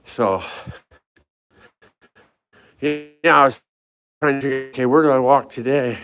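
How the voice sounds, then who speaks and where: A man's voice: medium pitch, steady tone, slow, fairly bright tone, clear, resonant tone. An older man casually chatting with live viewers as he walks hotel hallways and stairwells, a little out of breath, greeting people by name. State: slightly out of breath from climbing stairs. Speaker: fitness vlogger. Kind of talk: casual live-stream walk vlog.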